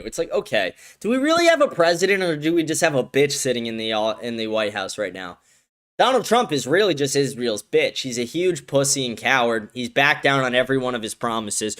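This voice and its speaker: A man's voice: mid-range voice, sing-song, a little fast, fairly bright tone. A man hosting a political commentary livestream, ranting crudely and swearing often while answering his live chat. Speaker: livestream host.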